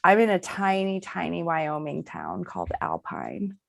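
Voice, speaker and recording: Low, gravelly-voiced woman. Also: big pitch swings, unhurried. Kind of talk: casual chat.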